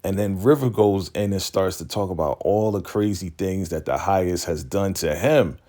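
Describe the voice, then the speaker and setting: Man, very low voice, casual show recap, animated storyteller. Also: moderate pace. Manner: animated storytelling, slips in laughs and acted-out quotes. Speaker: YouTube recap host.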